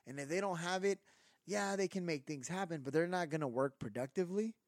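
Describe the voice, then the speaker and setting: A man co-hosting a casual podcast, rambling through an animated rant full of fillers. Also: a little high, a little fast, no room sound, studio quality. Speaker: podcast co-host.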